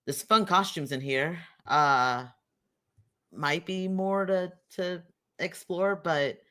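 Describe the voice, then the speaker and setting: A tabletop game player who rambles and thinks out loud while deciding what their character does. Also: medium pitch, takes it slowly, clear, resonant tone. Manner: rambling, giggly, thinks aloud. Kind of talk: tabletop role-play chat.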